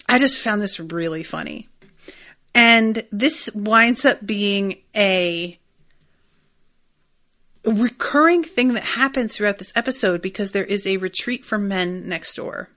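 A woman's voice: medium pitch, measured pace, fairly bright tone. A woman hosting a podcast, recapping a TV episode in a rambling, chatty way and swearing freely. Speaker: podcast host.

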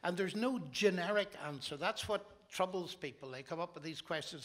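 An older man with a Northern Irish accent, speaking in a measured, reflective way on a conference panel. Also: high-pitched, a bit bright. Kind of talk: panel discussion.

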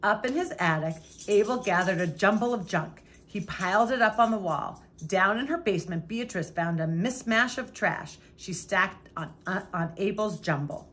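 A woman reading a children's picture book aloud in a lively, expressive way. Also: medium pitch, moderate pace, few pauses. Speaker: storybook reader.

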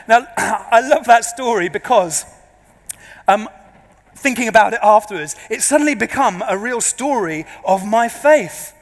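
A man, a pastor preaching to a congregation, an animated and self-deprecating storyteller. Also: very high voice, takes it slowly. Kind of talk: sermon with humorous storytelling. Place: large church before a congregation. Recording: long reverb of a large church.

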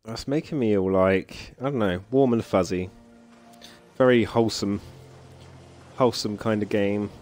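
A man's voice: lowish voice, unhurried, long pauses, darkish tone, faint music behind. A man streaming a game, chatting casually, laughing often and reading the story text aloud.

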